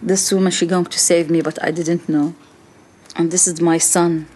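A middle-aged woman with a lowish voice tells her own story as testimony. Her English is halting and non-native, broken into short phrases, and a faint ambient hum sits underneath. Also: flat delivery, darkish tone. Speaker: survivor giving testimony. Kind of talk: personal testimony.

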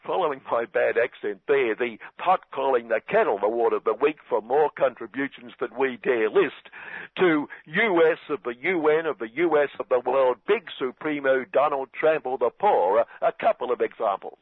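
A man's voice: medium pitch, expressive, normal speed, no room sound. Sardonic man on tinny radio. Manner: sardonic, mock-earnest irony. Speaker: satirical radio commentator. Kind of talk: scripted satirical commentary. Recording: dry, phone-like radio sound.

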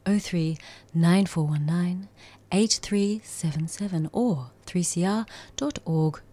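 A woman's voice: on the low side, slow pace, warm tone. A woman putting on a posh English accent to read out a radio donation appeal. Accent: put-on posh English.

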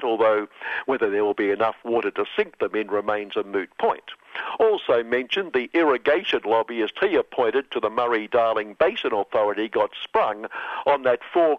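A man's voice: mid-range voice, no echo, dull audio. A man delivering sardonic satirical commentary on radio, full of mocking nicknames.

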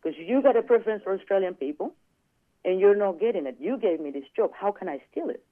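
A man with a high voice tells a personal story in casual chat and animatedly acts out the quoted dialogue. The sound is dry, thin and phone-like. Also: lively intonation, fast, no room sound. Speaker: guest.

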